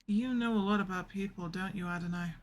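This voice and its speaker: A woman's voice: medium pitch, fairly even intonation, fairly quick, slight background noise, lightly acted. A woman voicing a polite, inquisitive female android assistant in a live fan voice acting of a visual novel, earnest and formal. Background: game music.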